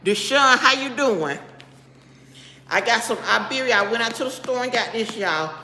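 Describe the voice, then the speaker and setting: A middle-aged woman chatting on a live stream in a slightly high, gravelly voice. She is blunt and keeps breaking off to greet viewers by name. The room is echoey, with a long reverb tail. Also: expressive, normal speed, bright, forceful tone. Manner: blunt and straight-talking. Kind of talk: casual live-stream chat.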